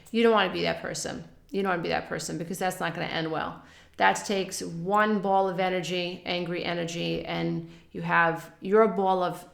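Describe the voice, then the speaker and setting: A woman's voice: on the low side, vocal fry, reverberant. A woman talking casually to camera about emotions and healing, soothing and repetitive, often speaking in affirmations. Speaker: spiritual wellness teacher. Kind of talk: casual advice monologue to camera.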